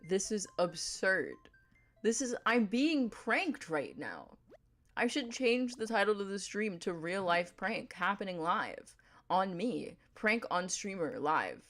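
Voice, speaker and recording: A woman streaming a game and chatting with viewers, given to dramatic mock outrage and quick asides. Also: medium pitch, sing-song, a bit bright, faint music behind. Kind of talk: casual livestream chat.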